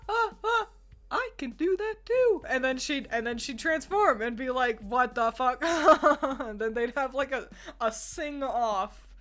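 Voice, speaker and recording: A woman's voice: a little high, fairly bright tone. A young woman streamer chatting casually with her viewers, laughing often as she ranks characters. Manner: giggly, laughs often, talks to chat. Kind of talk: casual chat.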